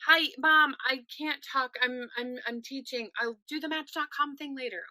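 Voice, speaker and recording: A woman performing a comic stage monologue as a frazzled woman teaching and taking calls, animated and switching between English and Spanish. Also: high-pitched, moderate pace, no echo, low-quality recording. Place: home, recorded for a virtual play festival.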